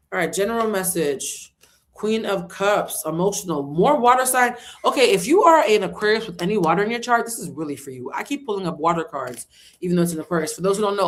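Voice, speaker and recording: A woman giving a casual livestream tarot reading. She talks loudly and animatedly, swears freely and breaks into snatches of song. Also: fairly low pitch. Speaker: tarot reader.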